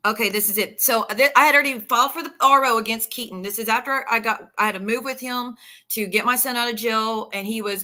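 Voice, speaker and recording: A woman with a bright, clear voice and a twang, chatting candidly on a livestream. She rambles and reads text messages aloud, mid-pitched and conversational. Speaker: streamer. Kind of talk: casual livestream talk.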